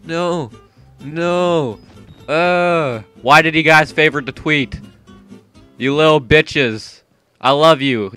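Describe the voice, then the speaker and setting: A young man giving jumpy, profane commentary while playing a horror game, yelping and shouting when startled. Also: fairly high pitch, slow, faint music behind. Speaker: gaming YouTuber. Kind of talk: horror let's-play commentary. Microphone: gaming mic with headphones.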